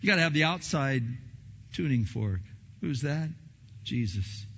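A man preaching a sermon as pastor, emphatic, often repeating words and swinging between loud and soft. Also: medium pitch, animated, unhurried, breathy edge. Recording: long hall reverb, dull lo-fi sound.

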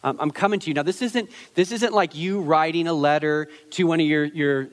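Animated man preaching in a reverberant hall. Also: fairly high pitch, fairly quick. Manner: conversational, animated, acts out quotes with many restarts. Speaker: pastor. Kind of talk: sermon.

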